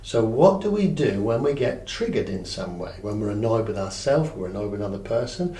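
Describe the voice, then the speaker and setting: A man teaching a breathing technique as a mindfulness coach, calm and checking in often with his listener. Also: on the low side, a little fast, far from the mic. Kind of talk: guided breathing lesson. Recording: echoey room, voice off-mic, faint ambience.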